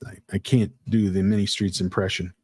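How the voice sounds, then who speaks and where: A man's voice: low-pitched, flat delivery, brisk, a little mellow, slightly rough, no room sound. A man hosting a casual livestream, reading out chat comments in a rambling, playful way with lots of fillers. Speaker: livestream host.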